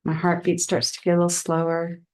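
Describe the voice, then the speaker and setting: A woman reverend giving a personal Dharma talk in a candid, reflective storytelling way. She often drops soft and quiet. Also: lowish voice, monotone, fairly quick.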